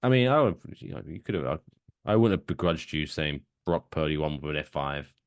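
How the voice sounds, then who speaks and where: A man's voice: rumbling low, expressive, a little fast, dry recording. A man co-hosting a casual comedy podcast, playful and prone to silly voices and announcer calls. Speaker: podcast co-host. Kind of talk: casual chat.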